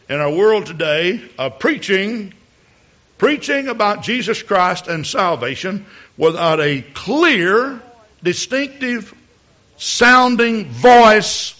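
A man's voice: high voice, a bit bright, highs cut off. A male preacher giving a sermon from the pulpit, often repeating words as he builds a point and rising to emphatic peaks. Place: church pulpit.

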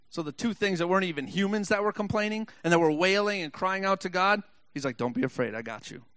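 Bright-voiced preacher, dry close sound. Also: male voice, high-pitched, lively intonation, no echo. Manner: reads scripture slowly, then builds to impassioned shouting; joking asides to the congregation. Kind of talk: sermon.

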